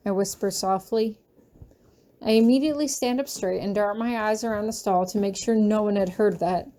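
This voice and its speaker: A woman's voice: medium pitch, warm tone. A woman narrating a fanfiction chapter in the first person, reading earnestly and with emotion. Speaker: fanfiction reader.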